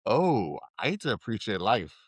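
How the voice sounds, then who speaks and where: A man's voice: on the low side, big pitch swings, moderate pace, breathy edge, no echo. A young adult man co-hosting a podcast, speaking in a heartfelt way and swearing casually in conversation. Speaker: podcast co-host. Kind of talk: casual chat.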